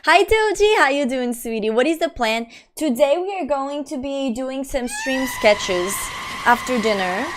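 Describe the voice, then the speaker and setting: A woman's voice: high voice, lively intonation, a little slow, slight background noise. A young woman live streamer chatting casually with her viewers. She reads their messages aloud in a slangy, talkative way.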